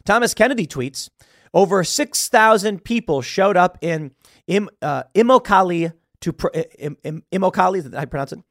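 A man's voice: high voice, lively intonation, normal speed, a bit bright, no room sound, clean studio sound. Sarcastic man hosting commentary. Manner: sarcastic, stumbles over words. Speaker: podcast host. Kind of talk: political commentary, reading news aloud.

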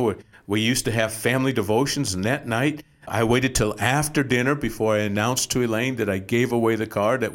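A middle-aged man, a pastor, telling a personal testimony as an animated storyteller with quick asides. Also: mid-range voice.

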